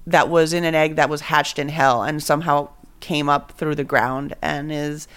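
A woman's voice: low-pitched, fairly even intonation, normal speed, a bit bright, clear, resonant tone. A woman hosting a podcast, chatting casually in a giggly, rambling way with lots of fillers. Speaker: podcast host. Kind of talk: casual chat.

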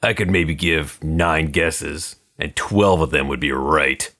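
A man's voice: a bass voice, slow pace, bright, forceful tone, heavily acted. A man voicing a hard, wary male gangster on the run, in clipped, guarded tough-guy talk. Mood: grim. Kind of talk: audiobook character voice.

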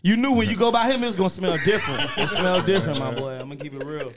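A man with a fairly high voice talks in a loose, laid-back way, full of slang. He hosts a casual conversation and laughs often between his stories. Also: very fast, over a noisy crowd. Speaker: podcast host. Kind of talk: casual chat.

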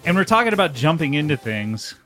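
Animated, laughing comedy podcast host. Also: male voice, a little high, fairly quick, over music. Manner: laughs often, animated jokey delivery. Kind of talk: comedic casual chat.

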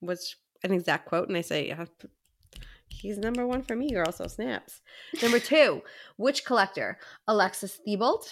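Lively woman co-hosting a book podcast. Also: mid-range voice, normal speed, a little hiss or hum. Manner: animated, reads listener messages aloud. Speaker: podcast co-host. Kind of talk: casual book chat.

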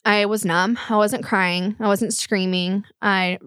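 A woman's voice: mid-range voice, steady tone, slow pace, fairly bright tone, smooth, dry recording, studio quality. A young woman telling a painful personal story in a podcast talk, tearful and rambling with many fillers. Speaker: guest.

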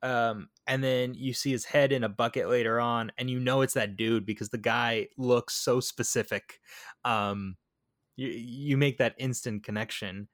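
A man's voice: medium pitch, steady tone, measured pace, a bit bright, no echo, clean studio sound. A man co-hosting a podcast, chatting casually about a film with stumbling restarts and eager retelling. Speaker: podcast co-host. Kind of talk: casual movie recap chat.

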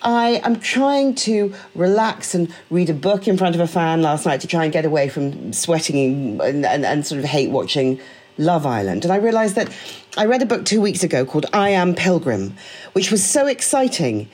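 A woman co-hosting a podcast, animated, sweary and teasing. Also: sits low, moderate pace, breathy edge. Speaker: podcast co-host. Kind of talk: casual chat.

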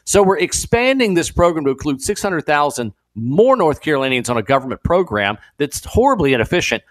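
A man guest-hosting a talk radio show, talking in an animated, incredulous way with laughing asides. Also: on the high side, fairly quick. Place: radio studio.

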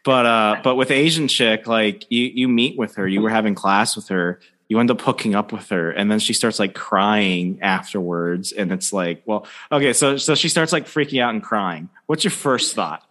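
A man's voice: lowish voice, moderate pace, hardly any pauses, fairly bright tone. A young man in casual podcast chat, joking crudely and rambling through long anecdotes.

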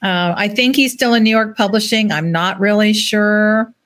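A woman author chatting casually about her new novel, self-deprecating and relaxed. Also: mid-range voice, moderate pace, very noisy. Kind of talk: casual chat.

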